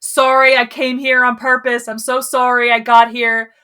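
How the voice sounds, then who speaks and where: A woman voicing a frantic tourist who keeps loudly apologizing for existing. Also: on the high side, little pitch movement, normal speed, clean tone, voice pushed up. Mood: frantic apologetic. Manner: loud, breathless, over-apologetic. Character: frantic apologetic female tourist in a big city.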